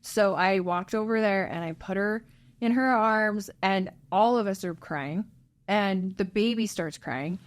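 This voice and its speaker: Female guest sharing a personal story, earnest and halting, mid-range voice. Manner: earnest, halting, voice dropping low at hard moments. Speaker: interview guest, birth mother.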